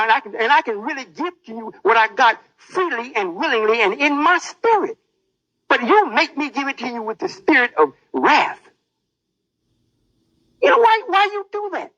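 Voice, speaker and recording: In a boastful, threatening sermon, this preacher's very high, bright voice rises and falls dramatically. The audio is dry and dull, resembling an old lo-fi tape recording.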